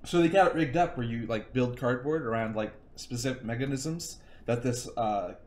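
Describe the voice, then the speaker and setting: Excitable, swearing podcast guy. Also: medium pitch. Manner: excited, swearing, rapid explaining. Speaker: podcast co-host, news segment. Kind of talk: casual group podcast chat. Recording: echoey room with faint noise.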